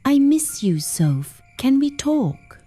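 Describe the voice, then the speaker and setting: Woman reading a demanding ex-husband, controlling, raised pitch. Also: very animated, takes it slowly, mellow, soft background music, heavily acted. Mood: pleading. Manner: pleading then cold and demanding. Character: angry controlling ex-husband, a man.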